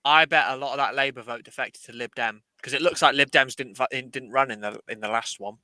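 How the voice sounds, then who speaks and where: A young man bantering on a livestream, loud, teasing and excitable. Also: medium pitch, fairly quick, no echo.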